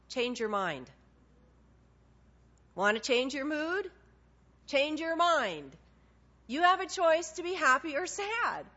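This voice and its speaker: A woman preaching a sermon, animated and conversational, acting out little dialogues with God. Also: sits high. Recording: dull lo-fi sound.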